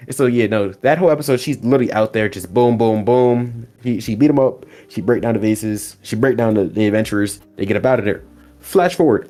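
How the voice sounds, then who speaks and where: A man hosting a casual anime podcast, retelling episodes and acting out characters' lines. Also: mid-range voice. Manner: animated storytelling, acts out characters' lines, laughs often. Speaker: podcast host. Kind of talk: casual anime recap chat.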